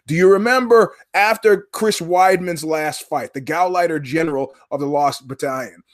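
A man with a high-pitched voice hosts his own show alone. He talks in loose, digressive commentary, wandering between stories. His tone is sardonic, and he swears without hesitation. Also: normal speed. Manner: profane, digressive, sardonic storyteller. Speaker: podcast host. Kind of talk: rambling solo commentary.

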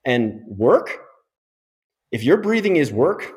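A man's voice: medium pitch, big pitch swings, slow pace, a little mellow. Middle-aged male physio guest, emphatic explainer, interview podcast.

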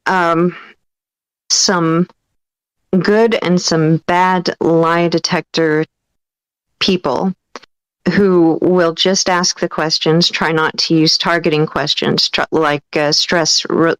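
A woman's voice: lowish voice, fairly even intonation, slow pace, pauses often, a bit bright, smooth, no echo, low-quality recording. A woman co-hosting a casual talk show, hesitant and often searching for words. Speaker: podcast co-host. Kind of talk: casual radio show chat.

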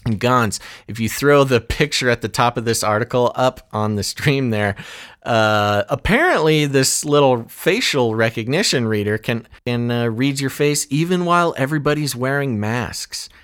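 A man co-hosting a live-streamed news talk show, chatting loosely and reading articles aloud with quick asides. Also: mid-range voice, expressive, a bit bright, clear, resonant tone.

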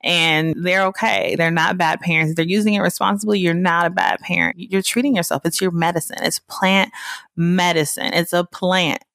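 A woman's voice: lowish voice, fairly even intonation, moderate pace, vocal fry, fairly bright tone, dry recording, clean studio sound. A woman hosting her own podcast, chatting casually in a rambling, giggly, laid-back way, sniffling now and then. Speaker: podcast host. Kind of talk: casual chat.

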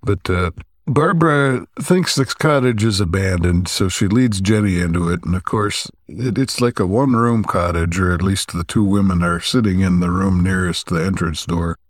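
A man with a fairly low voice walks through a story's plot as a podcast co-host. He talks casually, pausing often to find his words. The sound is dry and close, with no room echo. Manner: relaxed, halting, with frequent "uh" pauses.

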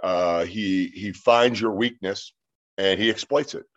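Man, fifties, low voice, rambling anecdotes, filler words, a bit muffled. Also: unhurried. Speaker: interview guest. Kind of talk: casual storytelling. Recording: slightly dull lo-fi sound.

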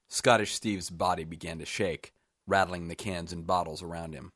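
A man, the author, reading his own short story aloud in a measured, even storytelling manner. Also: low voice, no room sound, studio quality.

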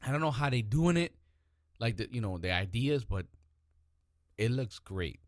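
An animated man co-hosting a casual podcast chat, swearing freely and acting out characters. His voice sits at a middle pitch. The close mic sounds dry. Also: moderate pace, no echo. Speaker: podcast co-host. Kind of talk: casual chat about TV shows.

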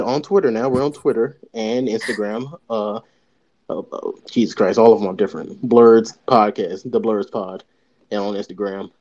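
A laid-back man co-hosts a casual podcast. His voice is warm and mellow, and he agrees easily. The recording sounds dull and lo-fi. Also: fairly low pitch, measured pace. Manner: laid-back, agreeable, often laughing along. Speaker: podcast co-host and editor. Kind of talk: casual chat.

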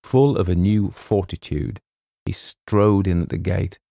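A man reading a comic short story aloud in a measured, wry storytelling manner. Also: deep voice, fairly even intonation, vocal fry, mellow, no room sound, clean studio sound. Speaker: audiobook reader. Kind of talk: scripted narration.

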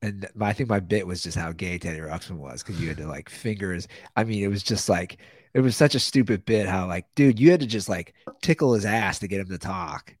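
Low-voiced male comedian podcast host. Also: animated, brisk, no room sound. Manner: storytelling, stammering restarts. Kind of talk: casual chat.

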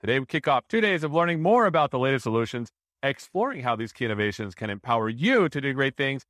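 A man with a mid-pitched voice, speaking quickly through a scripted corporate presentation. His tone is upbeat and promotional. The sound is dry. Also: sing-song, a bit bright, no echo.

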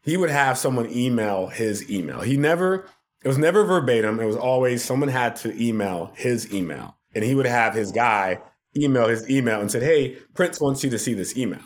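A man, a podcast guest, telling funny stories from his work in a casual, animated way, often laughing. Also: medium pitch, moderate pace. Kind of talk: casual storytelling.

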